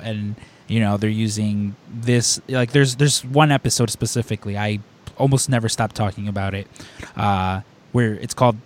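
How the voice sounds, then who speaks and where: A man's voice: fairly low pitch, moderate pace. A man hosting a podcast, talking casually and rambling with lots of filler words as he tells a story. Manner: animated storyteller. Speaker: podcast host. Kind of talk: casual chat.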